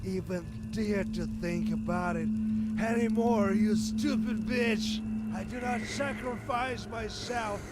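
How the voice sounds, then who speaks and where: Weary father, bitter and resentful, high voice, slow delivery, loud game noise behind. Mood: furious. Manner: resentful, rising to shouts. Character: bitter weary father arguing with his wife. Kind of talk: game voice acting.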